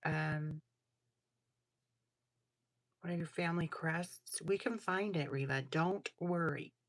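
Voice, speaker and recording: A woman's voice: fairly low pitch, no echo. Sassy, chatty woman livestreaming. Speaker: livestream host. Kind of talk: casual livestream chat while crafting jewelry.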